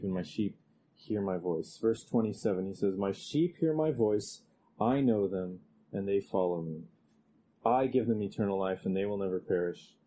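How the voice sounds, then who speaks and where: A male preacher giving a conversational expository sermon, growing animated when he reads scripture aloud. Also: lowish voice, slight background noise, low-quality recording.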